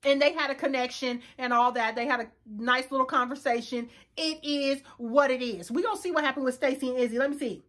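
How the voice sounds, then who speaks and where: A woman in her thirties recapping a reality dating show in a sassy, loud, casual way, switching speeds and pitch often. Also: steady tone, fairly quick, hardly any pauses. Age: 30s.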